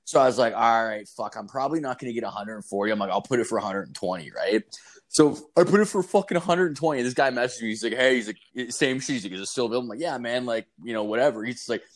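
A man's voice: medium pitch, fast talker. Dude ranting and cursing his way through a story, loose casual chat. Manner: profane, animated storytelling.

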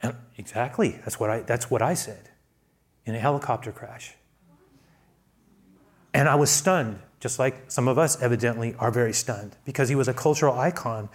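A man preaching a sermon as pastor, who often restarts his phrases and swings between quiet asides and loud, raised emphasis. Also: normal speed. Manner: builds to loud, high-pitched emphasis, then drops to quiet asides; repeats words and restarts phrases.

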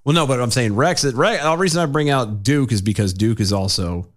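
A man's voice: medium pitch, fairly quick. A man co-hosting a casual podcast, reading news quotes aloud and ranting in exasperation. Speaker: podcast co-host.

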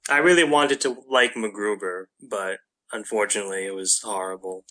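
A man's voice: fairly low pitch, normal speed, bright, forceful tone. A man in a casual movie chat, laid-back and dryly sarcastic.

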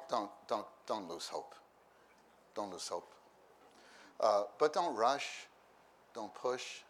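A man's voice: fairly low pitch, a bit bright. A man preaching a conversational sermon at a church meeting, repeating phrases and acting out the voices of people in his stories. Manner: repeats phrases, acts out voices with bursts of laughter.

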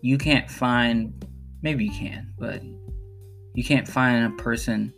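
A man's voice: medium pitch, slow, fairly bright tone, soft background music. Earnest man telling a personal story. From Chicago. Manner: earnest, emphatic, repeats phrases for emphasis. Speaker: podcast host.

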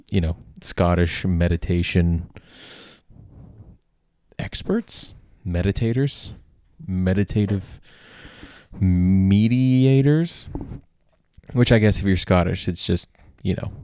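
A low, slightly mellow male voice, recorded at studio quality with no echo, belongs to a comedy podcast host. He rambles through a monologue loaded with filler words, restarts, and self-corrections.

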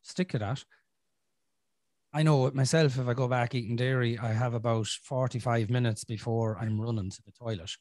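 A man's voice: medium pitch, fairly even intonation, brisk, hardly any pauses, a little mellow, dry recording. Sweary Irish man in casual chat. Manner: rambling, frank and sweary, with many restarts. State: clearing his throat from a chest infection. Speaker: podcast host.

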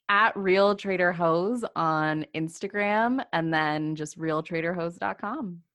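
A woman guesting on a podcast, telling stories in a playful, animated way during casual chat. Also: on the low side, slow pace.

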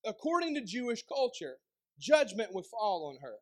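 Very high-voiced East Tennessee pastor. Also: male voice, big pitch swings, normal speed. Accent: Southern US, East Tennessee. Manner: conversational preaching with rhetorical questions and joking asides. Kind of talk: sermon.

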